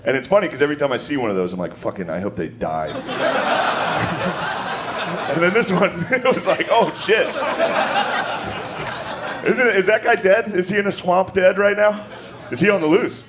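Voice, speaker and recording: A man's voice: sits high, sing-song, fast, a loud crowd. A man doing a crude stand-up set and laughing at his own jokes. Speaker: stand-up comedian. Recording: loud background noise.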